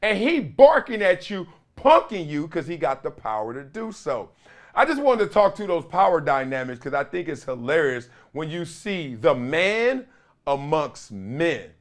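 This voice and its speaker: Male host, middle-aged, animated storyteller who acts out quotes, high and lively voice. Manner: storytelling with acted-out quotes of teammates. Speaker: show host. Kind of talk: animated commentary monologue.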